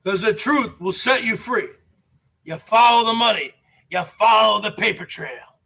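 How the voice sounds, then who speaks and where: A man hosting a live stream, ranting and badgering his viewers with repeated questions and bursts of shouting. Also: high voice, measured pace, vocal fry. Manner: shouts to whip up the audience.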